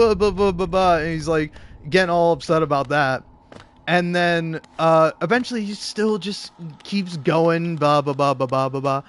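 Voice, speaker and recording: A man's voice: on the high side, fairly quick, fairly bright tone. A young man telling a rambling, profane story in casual chat, with frequent laughs. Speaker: streamer. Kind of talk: casual storytelling while gaming.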